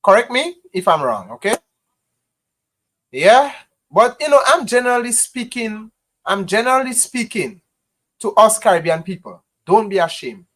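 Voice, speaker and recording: A Grenadian parent hosts a casual live stream, talking passionately to viewers in a Grenadian accent, repeating phrases and saying "you know" a lot. The mid-range voice moves at normal speed with big pitch swings and frequent pauses.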